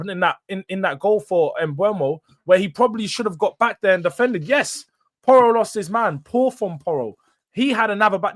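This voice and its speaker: A young man hosts a fan reaction show, speaking in a fairly high voice. He rants with frustration, building into sudden loud outbursts before dropping back down. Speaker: host. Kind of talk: fan match reaction monologue.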